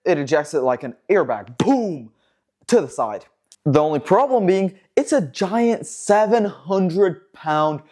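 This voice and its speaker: A man hosts a car news vlog in a loose, joking commentary style. His pitch swings widely and lively from phrase to phrase, and his tone stays sarcastic and playful. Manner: jokey, sarcastic, animated. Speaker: host of a car news show.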